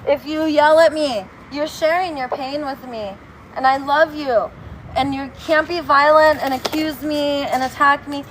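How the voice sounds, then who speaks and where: A woman's voice: high voice, fairly even intonation, unhurried, rough recording. A woman giving a rambling, playful monologue outdoors on a city street, now and then breaking into sing-song. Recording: street traffic noise behind. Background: passing cars.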